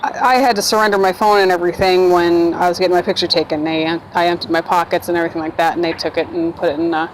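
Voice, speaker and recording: A woman's voice: lowish voice, steady tone, quick pace, hardly any pauses, slight background noise, low-quality recording. A woman, telling her own story in a casual, rambling vlog monologue and acting out the voices of people she quotes.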